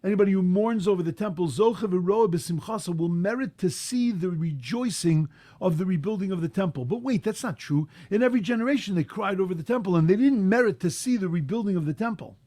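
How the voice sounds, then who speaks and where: A man preaches a sermon as a rabbi, his impassioned delivery climbing to loud, emphatic peaks. He weaves in Hebrew terms and translates them as he goes. His voice sits high and animated, the pace is fairly quick, and the recording is dry.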